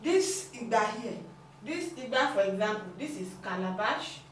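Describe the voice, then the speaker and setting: A woman's voice: fairly high pitch, expressive, moderate pace, a little hiss or hum. A woman giving a language lesson, explaining patiently and repeating her points. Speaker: language teacher. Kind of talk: classroom lesson. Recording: echoey room, mic at a distance.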